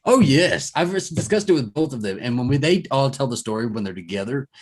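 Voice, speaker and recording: A man's voice: medium pitch, lively intonation, fairly quick, darkish tone. A man hosting a podcast in casual chat, reading listener stories aloud and rambling with fillers and self-corrections. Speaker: podcast host.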